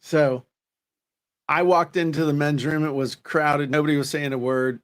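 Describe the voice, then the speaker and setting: Joking man telling stories, slightly high voice. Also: steady tone, normal speed. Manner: joking storyteller, self-deprecating. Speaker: co-host. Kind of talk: casual chat.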